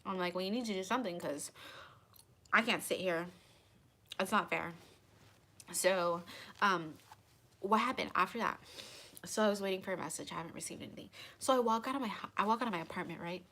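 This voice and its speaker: Animated woman telling a story. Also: medium pitch, a little fast, long pauses. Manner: animated, dramatic retelling with many fillers. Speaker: tarot channel host. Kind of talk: casual storytelling to viewers.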